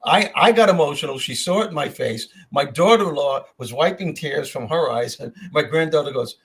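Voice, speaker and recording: A man's voice: a little high, a little fast, a bit bright, breathy edge. An older man hosting a podcast, telling personal stories in a heartfelt way and often repeating his words as he goes. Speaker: podcast host. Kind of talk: casual chat, personal storytelling.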